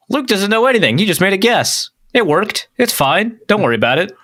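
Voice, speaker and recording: Podcast co-host, male, from North Dakota, bright voice, lively pitch, laughs a lot. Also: normal speed. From North Dakota, USA. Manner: animated storytelling, laughs often. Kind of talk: casual chat.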